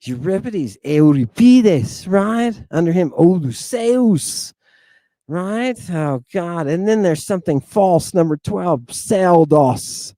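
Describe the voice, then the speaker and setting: Man lecturer, unhurried and emphatic, mellow slightly high voice, dry close sound, repeats each word slowly. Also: no echo. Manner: chatty asides to listeners. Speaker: lecturer on ancient Greek. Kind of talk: informal lecture, teaching Greek pronunciation.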